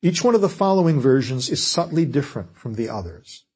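A man giving a measured, scripted lecture on writing fiction. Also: mid-range voice, very animated, darkish tone, husky. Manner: measured, explanatory delivery.

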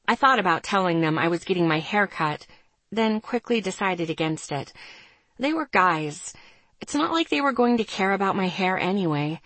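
A woman narrating a first-person story as an audiobook, steady and measured. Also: on the low side, no room sound.

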